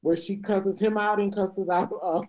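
A woman co-hosting a casual TV recap chat, making her points in a measured, analytical way. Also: medium pitch, fairly even intonation, darkish tone, rough recording. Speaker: podcast co-host. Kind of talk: casual chat about a TV series.

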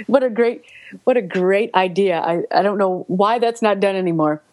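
A middle-aged woman, a voice actor, telling stories in a casual interview, lively and laughing, repeating words when excited. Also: mid-range voice, moderate pace, no room sound. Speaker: voice actor guest.

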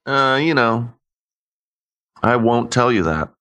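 A man's voice: mid-range voice, animated, takes it slowly, sharp tone. A man co-hosting a podcast in casual chat, laid-back and a bit hesitant. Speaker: podcast co-host.

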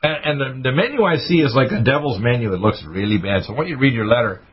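A man hosting a radio show, ranting urgently and preachily with sudden high-pitched bursts. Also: expressive, fast, husky, muffled recording. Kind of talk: impassioned radio talk.

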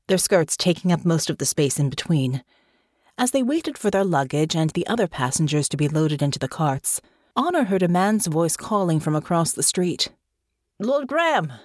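Low-voiced woman narrating a novel. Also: darkish tone, no echo, clean studio sound. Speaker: audiobook narrator. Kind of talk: scripted narration.

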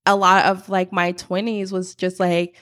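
A woman's voice: lowish voice, flat delivery, measured pace, a bit bright. A young adult woman co-hosting a podcast, talking candidly and profanely, full of "like" fillers. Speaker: podcast co-host. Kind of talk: casual chat.

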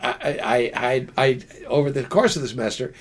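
An older man, a podcast guest, telling stories in a halting, rambling way with many restarts and laughing asides. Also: mid-range voice, husky. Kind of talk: casual storytelling.

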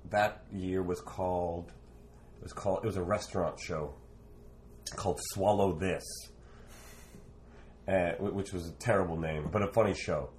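A man's voice: sits low, normal speed, long pauses, slight background noise. A man from Canada, a former street performer, telling a rambling anecdote in conversation. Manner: rambling, animated anecdote with fillers. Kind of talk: storytelling in conversation.

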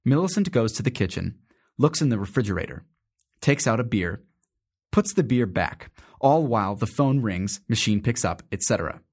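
A man reads the stage directions in a matter-of-fact, measured way. His voice sits fairly low. It sounds like a stage play reading. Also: lively intonation, darkish tone, husky.

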